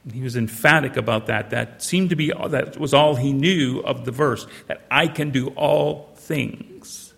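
An old man preaching a sermon, reading scripture in a measured way and breaking into conversational asides. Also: medium pitch, gravelly, fairly bright tone, husky, big-room sound. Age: older. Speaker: pastor.

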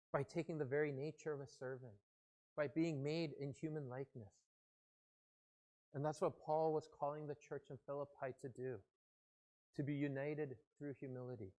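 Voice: mid-range voice, a little mellow. A pastor preaching a sermon in an earnest, conversational way.

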